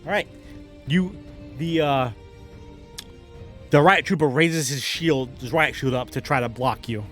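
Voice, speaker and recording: A man running a tabletop game as game master, narrating combat in a lively way and adding sound effects. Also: medium pitch, unhurried, faint music behind.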